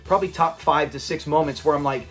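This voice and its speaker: A man with a high voice talks casually and eagerly as a channel host, looping back on himself and restarting sentences as he goes. Faint music plays softly behind him. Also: fast. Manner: enthusiastic and rambling, with frequent restarts and quoted lines. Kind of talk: casual fan commentary on a classic sitcom.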